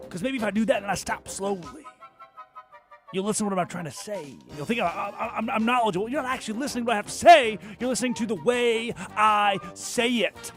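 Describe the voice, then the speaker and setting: A man hosting a sports talk show, ranting in a mocking tone that swings between loud and soft, fast and slow. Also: sits high, faint music behind. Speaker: sports radio host.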